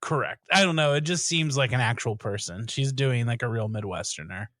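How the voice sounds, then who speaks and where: A man co-hosting a podcast in casual chat, deadpan and joking, rambling with fillers. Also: mid-range voice, fairly quick, dry recording, clean studio sound. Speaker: podcast co-host.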